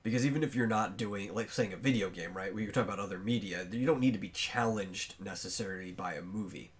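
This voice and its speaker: A man with a lowish voice hosts a casual podcast and talks his ideas through as he goes. He pauses often and fills the gaps with ums and likes. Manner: thinks aloud with long pauses and fillers; chews on bread while talking. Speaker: podcast host.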